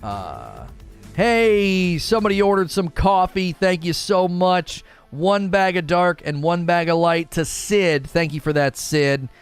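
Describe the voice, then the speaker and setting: Casual streamer guy, chatty and animated. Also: unhurried, clear, resonant tone, soft background music. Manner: animated, with sudden high-pitched bursts when quoting; trails off quietly at the ends of thoughts. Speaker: livestream host. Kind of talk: casual chat reading viewer comments.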